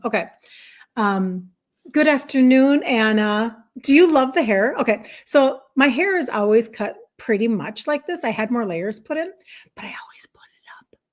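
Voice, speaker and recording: Upbeat and fired up, a middle-aged woman hosts a casual livestream as a health coach, greeting viewers and reading comments out loud. Her pitch runs a little high.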